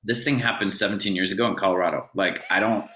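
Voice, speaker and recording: Deep-voiced earnest man in a roomy space. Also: steady tone, quick pace, background noise. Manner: earnest, practical, lots of "like" and restarts. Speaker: podcast co-host. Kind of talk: casual chat.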